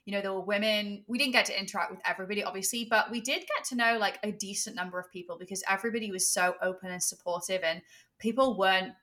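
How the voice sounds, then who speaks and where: A woman's voice: medium pitch, steady tone, quick pace, sharp tone. A woman, a sex coach, hosting a podcast in casual chat, effusive and enthusiastic.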